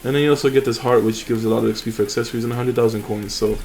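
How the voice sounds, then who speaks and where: Relaxed man rambling over game footage. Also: medium pitch, very fast, slight background noise. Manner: rambling, relaxed, fillers and restarts. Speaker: mobile game channel host. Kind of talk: casual gameplay commentary.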